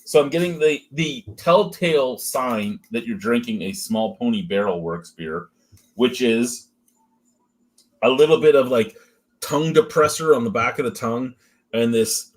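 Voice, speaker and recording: A man's voice: mid-range voice, unhurried. A man hosting a casual beer review, talking through smells and flavors with frequent swearing and jokes. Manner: profane, joking, chatty running commentary.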